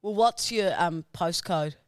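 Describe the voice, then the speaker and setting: A woman's voice: lowish voice, unhurried, smooth, dry recording. Aussie woman cohosting, teasing her mate, dry close mic. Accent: Australian. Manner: teasing, playful. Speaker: podcast co-host. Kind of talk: casual chat.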